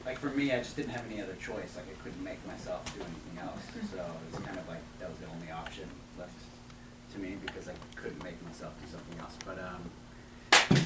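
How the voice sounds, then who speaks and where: A man's voice: low-pitched, brisk. A man on a panel giving advice in a hesitant, thoughtful way, with many fillers. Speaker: filmmaker on the panel. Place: large hall at a screening. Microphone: audience phone from far off. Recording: echoey distant hall, loud noise.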